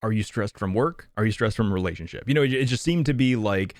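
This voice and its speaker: A man's voice: on the low side, animated, fast talker, dry recording. A man co-hosting a casual podcast over a video call, thinking aloud with lots of restarts and fillers. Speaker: podcast co-host.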